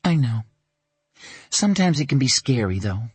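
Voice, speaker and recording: Earnest early-thirties mother, tender then steady, read by a male narrator, dry close audiobook sound. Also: medium pitch, moderate pace, slightly rough, no room sound, pitched above the performer's own voice. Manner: gentle and earnest, turning firm. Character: woman in her early thirties, a loving but firm mother.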